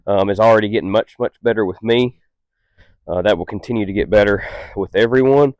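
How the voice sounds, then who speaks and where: Training a dog on camera, a patient man speaks calmly in a fairly low voice, keeping his explanations steady and slow. He interjects short, stern commands, all recorded dry and close with no room sound.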